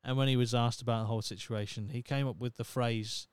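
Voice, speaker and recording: This solo podcast features a Norfolk man in his thirties, host of the show, rambling, swearing and ribbing himself in his regional English accent. He speaks quickly at a medium pitch with fairly even intonation, in a clean recording free of echo.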